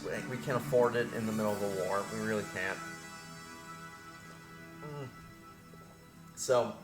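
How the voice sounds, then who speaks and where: A man's voice: medium pitch, a bit bright, roomy sound. A man hosting a let's play, rambling through his moves and griping about the game in a self-deprecating way. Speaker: gaming video host.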